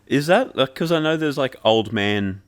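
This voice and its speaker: A man's voice: mid-range voice, animated, moderate pace, crowd noise. A man hosting a podcast and reviewing an album in casual chat, loose and joking, leaning on "like" and swearing freely.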